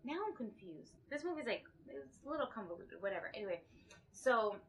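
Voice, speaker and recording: Her pitch sits in the middle but swings widely, and she talks fairly quickly. As a podcast co-host in casual chat, she recaps a film's story in a meandering way, performing the characters' quotes.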